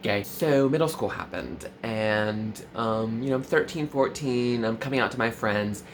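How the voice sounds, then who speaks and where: A man in his twenties doing a mock-earnest parody vlog, full of valley-girl fillers and sudden swoops in pitch. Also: a little slow, a little hiss or hum. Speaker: comedy vlogger.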